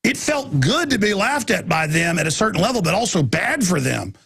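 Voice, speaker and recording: A man in his forties hosting a radio talk show, telling a rambling story and breaking into high mocking squeals when he imitates people. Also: very animated, brisk, gravelly, a bit bright, breathy edge, faint music behind.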